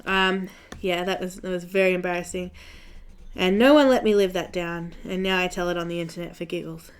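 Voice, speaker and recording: A woman's voice: fairly low pitch, steady tone, brisk, clean tone. A young Australian woman with an Australian accent chatting casually and telling a story, laughing often, while she colors on a live stream. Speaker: coloring channel host.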